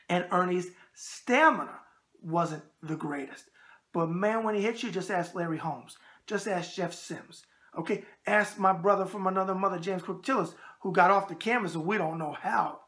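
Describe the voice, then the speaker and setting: A man's voice: high voice, pushed and bright. A brash man with a New York accent, hosting a boxing show and answering viewer emails with catchphrases and wisecracks.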